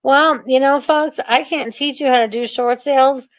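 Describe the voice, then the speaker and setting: A woman's voice: high-pitched, steady tone, moderate pace, no room sound. A woman coaching real estate investors in a chatty, ranting way with sarcastic asides. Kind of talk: energetic coaching talk. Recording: dull, dry lo-fi recording.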